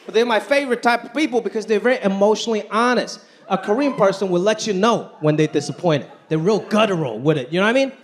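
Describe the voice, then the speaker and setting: A man doing a stand-up comedy set in a club, talking in an animated way and acting out other people's voices. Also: high voice, fast, few pauses. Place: comedy club stage before a live audience. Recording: live club recording with loud audience laughter. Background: audience laughter.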